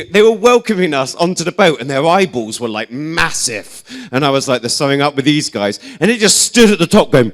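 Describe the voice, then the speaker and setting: A young English man gives a casual sermon full of funny stories. His voice sits a bit high for a man. He talks in a loose, self-deprecating way, with lots of fillers. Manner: chatty, self-deprecating, animated storyteller with many "like"s and "um"s. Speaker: preacher.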